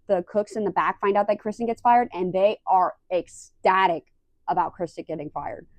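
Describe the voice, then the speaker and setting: A young woman casually recapping a reality show, animated and acting out the quoted lines. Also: mid-range voice, dry recording. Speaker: recap vlogger.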